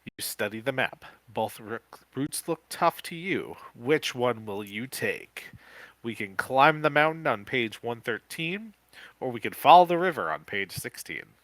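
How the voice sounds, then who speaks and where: A man co-hosting a podcast, reading a gamebook aloud live in a casual way, with quick joking asides. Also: mid-range voice, animated, fairly bright tone, dry recording.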